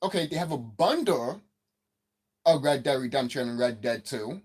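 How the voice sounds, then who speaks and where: A man ranting hotly about games, his voice husky and a little rough. His pitch swings widely as he goes off, jumping up in outrage and dropping low in disgust. The delivery is profane and repetitive, like a solo rant to camera. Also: lively intonation, normal speed, a little mellow. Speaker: gaming commentator. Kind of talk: angry gaming rant.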